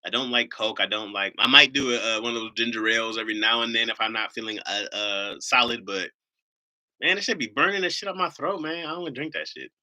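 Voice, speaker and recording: A man's voice: mid-range voice, fairly quick, bright, forceful tone. A man from Ohio hosting a live stream, rambling in casual chat, joking and swearing freely.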